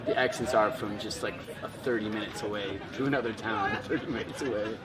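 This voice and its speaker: A man's voice: lowish voice, steady tone, brisk, distant mic, a loud crowd, very noisy. A man, a voice actor, chatting casually, rambling and correcting himself as he talks. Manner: rambling, self-correcting, laughs often. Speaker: voice actor and channel host. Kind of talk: casual chat. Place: outdoors in a busy city spot.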